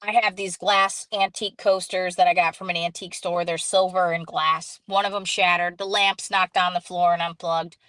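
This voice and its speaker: A woman hosting a casual live stream, telling a story in an animated way, acting out quoted dialogue and greeting viewers as she goes. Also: on the low side, moderate pace, few pauses, no echo, poor audio.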